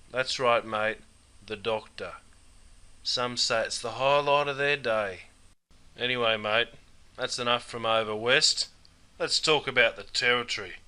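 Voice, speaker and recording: A man's voice: medium pitch, bright, forceful tone, smooth. A man with an Australian accent narrating a scripted, jokey lesson on slang, full of broad slang and calling the listener mate all the time. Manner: matey, broad slang, says mate constantly. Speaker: English teacher.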